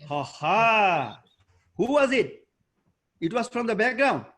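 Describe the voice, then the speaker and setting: A man teaching an online debate workshop over a video call. He coaches and quizzes students by name, and he often pauses and searches for words with fillers. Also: sits high, big pitch swings, a bit bright.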